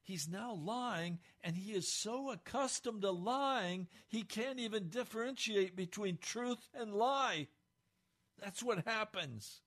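Male pastor, blunt earnest sermon delivery, slightly higher-pitched voice. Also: slow, fairly bright tone.

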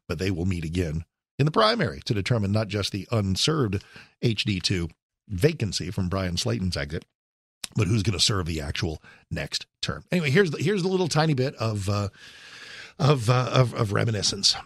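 A gravelly, husky-voiced man in his sixties hosts a talk radio show, winding through a memory with wry asides and frequent self-corrections. His voice sits low and sounds close and dry on a studio mic. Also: expressive, normal speed, a bit bright, no echo. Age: 60s. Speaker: radio host. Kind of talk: talk radio monologue, personal reminiscence.

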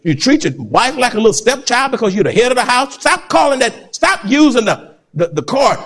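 A man preaching a sermon, animated and laughing often, swinging between loud and soft. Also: very high voice, brisk. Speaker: pastor.

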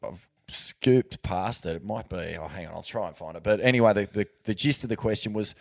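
A man's voice: fairly low pitch, a little fast, creaky, no room sound, studio quality. An Australian man co-hosting a podcast, bantering crudely with lots of fillers and restarts. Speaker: podcast co-host. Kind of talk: casual banter.

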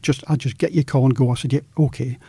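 A middle-aged male journalist from Australia telling a story in an interview, lively and acting out the quoted dialogue. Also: medium pitch, quick pace, husky, no room sound.

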